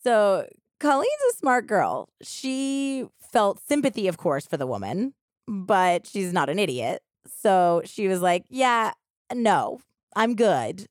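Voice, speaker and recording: A woman co-hosting a podcast, retelling a true crime story in animated, casual chat and filling it with "like" and quoted voices. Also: medium pitch, a little slow, smooth, dry recording, studio quality. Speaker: podcast co-host.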